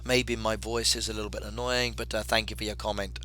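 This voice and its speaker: A man's voice: fairly low pitch, little pitch movement, fairly quick, pushed and bright, slight background noise. A man streaming a farming game live, chatting casually and answering viewer comments, with a cold. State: has a cold.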